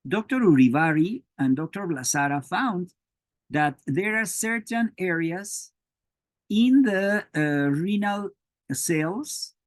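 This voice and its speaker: Slow, halting male lecturer, dry sound. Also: high voice, lively intonation, no room sound. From Mexico. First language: Spanish. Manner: halting, many "uh" fillers and restarts. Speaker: biochemistry lecturer. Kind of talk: academic lecture.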